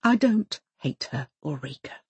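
A woman's voice: low voice, sing-song, a little slow, a little mellow, slightly rough, no room sound, heavily acted. A woman reading an audiobook voices a prim, fussy older wife who speaks in precise, insistent, formal phrases. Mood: brittle.

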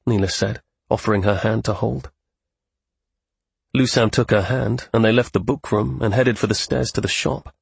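A man narrating an audiobook story in steady scripted narration. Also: on the low side, moderate pace, gravelly, slightly rough, dry recording.

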